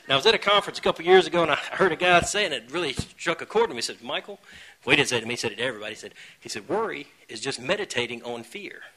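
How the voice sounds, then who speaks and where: A man with a drawl sharing his story to a recovery meeting room. His voice sits a touch high and rings bright and forceful. He is earnest and mocks his own habits, jumping now and then into loud bursts. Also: rapid-fire, few pauses, rough recording. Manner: earnest, self-mocking humor with sudden loud bursts.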